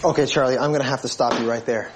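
A man's voice: mid-range voice, steady tone, rapid-fire, very noisy, close to an everyday voice. An actor playing an exasperated male coworker in a sitcom scene, incredulous and panicky.

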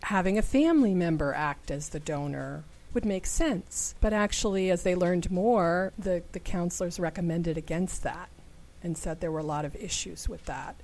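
A woman's voice: lowish voice, normal speed, darkish tone. Chatty woman telling a story. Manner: relates stories at length with frequent restarts. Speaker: podcast co-host. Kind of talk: casual discussion.

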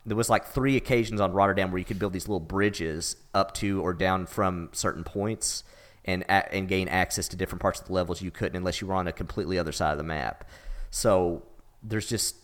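A man's voice: low voice, fairly quick. A man co-hosting a gaming podcast, talking casually and rambling with enthusiasm. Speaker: podcast co-host. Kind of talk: casual chat.

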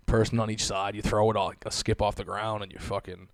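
A man's voice: on the low side, little pitch movement, brisk, smooth, no room sound. A young man hosting a podcast, ranting in casual, profane chat and laughing often. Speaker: podcast host.

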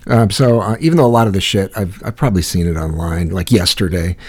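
A man's voice: sits low, fast, a little mellow, husky. A man from Iowa co-hosting a casual chat, rambling and profane, telling stories with frequent restarts.

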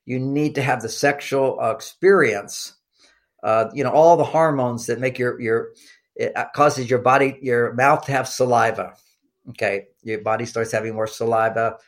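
A man's voice: mid-range voice, steady tone, normal speed. An older man, a guest expert on relationships, explaining in casual interview talk with frequent fillers and restarts and a coaching tone.

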